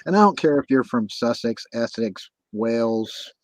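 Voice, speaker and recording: A man hosting a casual chat on a livestream, talking in halting bursts full of false starts and repeats. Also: mid-range voice, expressive, dry recording, low-quality recording. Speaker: host. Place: livestream call.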